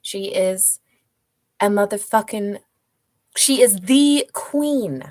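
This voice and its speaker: A woman drag performer hosting her own show, rambling in casual, profane chat with a hushed, low delivery. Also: slow, pauses often, dry recording.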